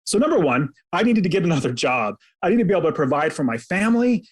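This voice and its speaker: A man with a fairly high voice tells a personal story as a podcast guest. He is earnest and dramatic, and he pulls the listener along by recounting events in the present tense. His telling carries a sincere, faith-minded tone. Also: big pitch swings, fast talker. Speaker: podcast guest, real estate investor.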